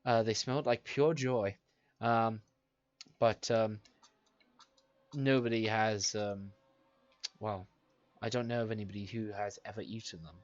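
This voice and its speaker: A man's voice: fairly low pitch, fairly even intonation, measured pace, pauses often, dry recording, highs cut off. A man narrating a tabletop game as game master, hesitant with many fillers, on a home mic.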